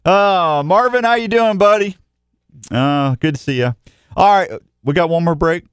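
A rambling, jokey radio host. The man talks in a casual chat to listeners, his voice smooth and clear. The sound is dry and close. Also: sits high, normal speed, no room sound.

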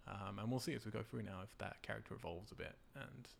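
A man hosting a casual podcast chat, relaxed and laughing often, with many fillers. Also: on the low side, fast talker, gravelly, a little hiss or hum. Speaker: podcast host.

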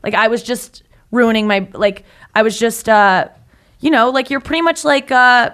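A woman talking casually in an emphatic, animated way. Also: fairly high pitch, moderate pace. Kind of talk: casual conversation.

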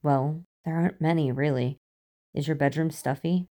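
A woman's voice: deep voice, steady tone, moderate pace, dark tone, natural voice. A woman reading the part of a wry, teasing male FBI agent who cannot sleep, in an amused, dry manner.

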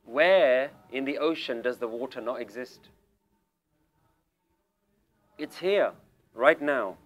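A man's voice: medium pitch, takes it slowly. A man giving a religious lecture to a seated group, challenging listeners with direct questions and telling a story. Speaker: Sikh lecturer. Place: room with people sitting around.

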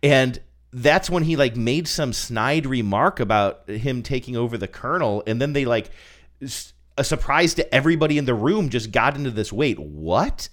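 A man's voice: mid-range voice, lively intonation, moderate pace. A man co-hosting a casual podcast chat, rambling and chatty with frequent laughs. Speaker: podcast co-host.

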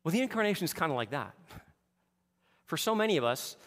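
A man preaching a sermon, animated, moving between hushed and loud passages. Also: a little high, brisk, long reverb tail. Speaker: pastor.

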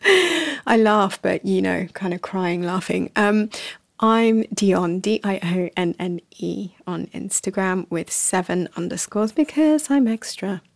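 Woman, podcast host, soft, slow and encouraging, fry in the voice, medium pitch. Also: dry recording, clean studio sound. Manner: soft and slow, sometimes whispering, laughs at herself. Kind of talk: gentle reflective podcast talk.

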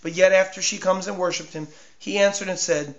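A man with a high voice preaching a sermon. He swings from hushed asides to near-shouting and repeats words to drive each point home. The recording sounds dull and lo-fi, and the room echoes around him. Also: fairly even intonation, fairly quick. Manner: repeats and stumbles over words for emphasis.

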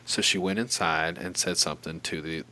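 Deep-voiced man telling a story. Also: normal speed. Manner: profane, rambling, animated. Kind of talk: casual storytelling.

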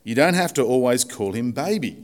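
A man voicing a young wife who gently corrects her husband, in a lightly raised, patient voice. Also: medium pitch, big pitch swings, fairly quick, close to an everyday voice.

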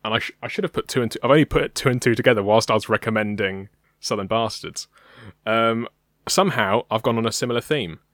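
A lowish-voiced young British man talks fast as a podcast co-host, his tone fairly bright. The sound is clean studio quality with no room sound, and his casual chat is hesitant, with lots of ums.

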